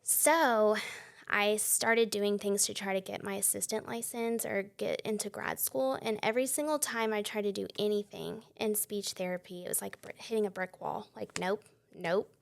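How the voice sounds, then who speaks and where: A young woman, sharing her faith testimony as a guest in a conversational interview. She is a lively storyteller who laughs often and acts out the dialogue she quotes. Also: mid-range voice, normal speed, creaky. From Texas.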